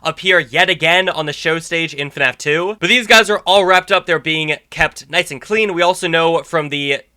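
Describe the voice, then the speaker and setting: Man, YouTube host, trailer breakdown commentary, very bright sharp voice, chatty and eager. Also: on the high side, normal speed, clean tone. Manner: chatty and enthusiastic, thinking aloud.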